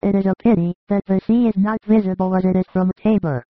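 A reader voicing a gentle, devout young male disciple who recites in a steady, reverent way in a dramatized audiobook. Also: mid-range voice, fast talker, no echo, narrow, tinny audio, lightly acted.

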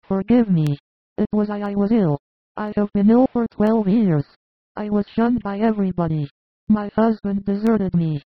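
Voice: mid-range voice, moderate pace, no echo, close to an everyday voice. Brief: reader playing a poor woman of forty, humble and pleading, tinny dry audio. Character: poor, frail woman of forty confessing tearfully. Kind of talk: audiobook reading. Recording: tinny phone-like recording.

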